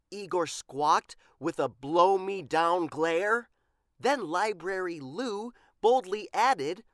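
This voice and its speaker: A woman reads a children's picture book aloud, slow and deliberate. Her voice is low-set but moves through a lively range, animated and expressive. The recording is dry and close. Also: no echo. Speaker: storyteller.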